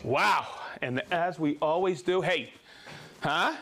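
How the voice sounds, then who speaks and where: Male live-stream host, slightly high voice, casual and talkative, easily excited. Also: slow pace, vocal fry. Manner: excitable, bursts into shouts of joy; chatty, reads viewer shout-outs.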